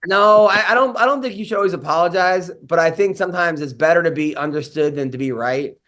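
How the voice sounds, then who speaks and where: Man, comedian podcast host, slightly high-pitched, rambling, filler-heavy, swears a lot. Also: fast, a bit bright. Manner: rambling storyteller, lots of "like" fillers, swears often. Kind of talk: casual podcast chat.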